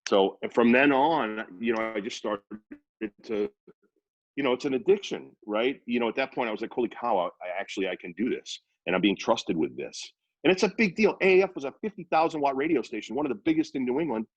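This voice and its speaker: A man in his fifties from Worcester, Massachusetts, a radio personality telling rambling, animated anecdotes in a casual interview. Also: mid-range voice, fairly quick, dry recording, rough recording. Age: 50s.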